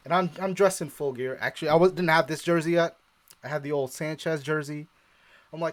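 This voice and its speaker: A man's voice: on the high side, fairly quick. A man co-hosting a live sports stream, casually chatting and acting out his own past reactions as he tells a story, laughing often. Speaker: co-host of a sports show.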